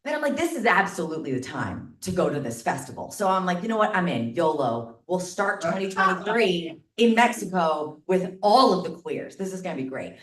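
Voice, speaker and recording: A woman telling a personal story live to an audience, chatty and animated, packing her sentences with "like". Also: on the low side, brisk, hardly any pauses. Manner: chatty, animated, lots of filler "like". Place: stage before a live audience. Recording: echoey room, mic at a distance.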